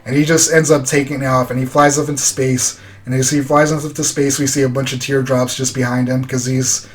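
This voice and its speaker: A man's voice: mid-range voice, level tone, brisk. Casual man recapping an episode. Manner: loose, filler-heavy retelling with quoted dialogue. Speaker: reviewer.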